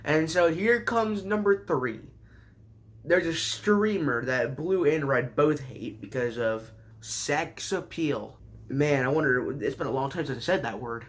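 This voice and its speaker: A man recapping an anime season in a sarcastic, rambling way, with sudden jumps in pitch. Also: unhurried. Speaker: anime reviewer.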